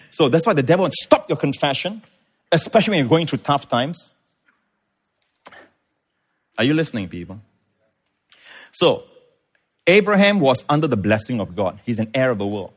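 A man's voice: a little high, slightly rough. Man, middle-aged, pastor, emphatic sermon, calls for amens. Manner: emphatic preaching, repeats words, asks the congregation for amens.

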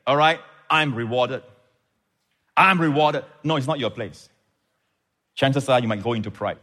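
A man's voice: mid-range voice, measured pace, long pauses, sharp tone. A man preaching a sermon as pastor, building fervor and punctuating with frequent amens.

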